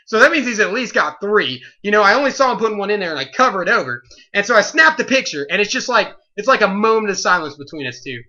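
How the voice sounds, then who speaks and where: Bright-voiced guy ranting about his store clerk job, rambly, lots of "like", muffled lo-fi audio. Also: sits high, quick pace, few pauses. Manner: animated and rambling, with lots of "like" and "you know". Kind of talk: storytelling rant vlog.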